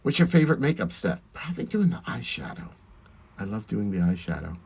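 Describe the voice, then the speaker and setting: While doing his makeup on a phone live stream, a drag performer chats casually, reading viewer comments aloud, answering them and thanking people. His voice is lowish, gravelly and a little mellow, with a breathy edge, big pitch swings and a brisk pace.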